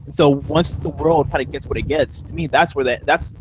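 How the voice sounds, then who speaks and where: A man's voice: on the high side, fairly quick, a little hiss or hum. A man hosting a casual group podcast chat, talking in rambling, easygoing sentences. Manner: rambling, laughs easily. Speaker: podcast host.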